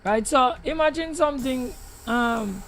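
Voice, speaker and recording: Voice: high voice, measured pace, fairly bright tone, low-quality recording. A host chatting in a rambling, guarded way while playing a driving game. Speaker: gaming channel host. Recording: vehicle noise from the game behind the voice.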